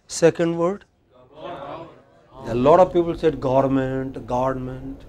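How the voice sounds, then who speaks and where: A man teaching English pronunciation in a university classroom with an Indian English accent, correcting students and slowly repeating words for them to copy. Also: mid-range voice, darkish tone.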